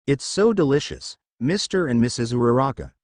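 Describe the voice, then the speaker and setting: A man's voice: medium pitch, animated, normal speed, darkish tone, no echo, lightly acted. Guy reading as a shy polite teen boy, stammers a bit, bouncy voice, dry sound. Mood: earnest. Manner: stammering, earnest. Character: shy polite teenage boy hero, eager.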